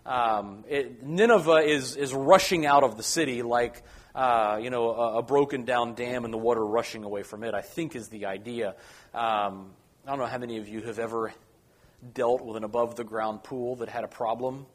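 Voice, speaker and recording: A man's voice: mid-range voice, fairly even intonation, normal speed. A man teaching a Bible study lecture in a conversational way, with many ums, uhs and restarts.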